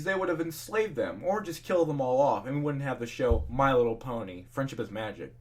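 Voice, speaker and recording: A man's voice: medium pitch, expressive, fairly quick. A young man casually reading fan fiction aloud, swearing freely and ranting in between. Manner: profane ranting, laughs at the text.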